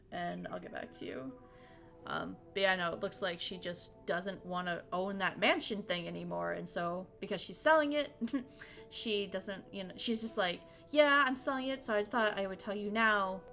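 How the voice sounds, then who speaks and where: A woman's voice: mid-range voice, bright, forceful tone. A young woman streaming in casual chat, talking frankly, swearing freely and laughing often.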